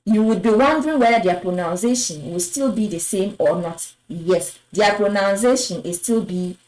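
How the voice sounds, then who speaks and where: A woman teaching French pronunciation, patiently repeating each word and affirming with a soft "yes". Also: mid-range voice, moderate pace, low-quality recording. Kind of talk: slow explanatory lesson.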